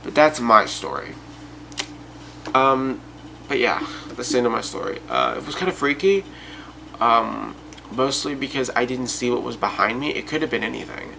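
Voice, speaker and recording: A man's voice: mid-range voice, big pitch swings, moderate pace, vocal fry, noisy background. A man telling a personal story and talking casually and directly to his viewers. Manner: chatty, addresses viewers directly. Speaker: YouTube storyteller.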